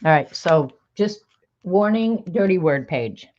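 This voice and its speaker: A woman with a low-ish voice reads sassy one-liners aloud in a chatty home video, laughing a little between them. The sound is dull and lo-fi, as if from a camera or phone mic. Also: lively intonation, measured pace, a little mellow. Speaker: crafter sharing sayings on video. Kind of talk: casual reading of sassy sayings to camera.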